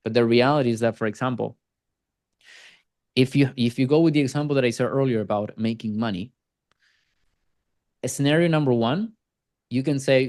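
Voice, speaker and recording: A man teaching closing techniques to a sales team on a casual video call, acting out quick replies from prospects as he goes. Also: mid-range voice, a little mellow, dry recording, clean studio sound. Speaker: sales trainer.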